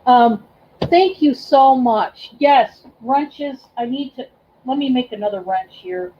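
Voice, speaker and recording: Slow and expressive, a high-voiced woman hosts a casual livestream, where she also works as a reseller. She gets emotional and effusive, thanking viewers by name amid many ums and restarts, and the sound is lo-fi.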